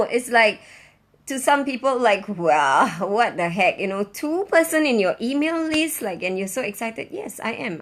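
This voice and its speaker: Bubbly sleepless woman. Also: high-pitched. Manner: bubbly, effusive, squealing with excitement. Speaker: online business owner. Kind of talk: excited live-stream chat. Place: in Singapore.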